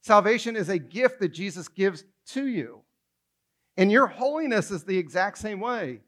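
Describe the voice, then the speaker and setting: Male pastor, high voice, lively conversational sermon full of rhetorical questions.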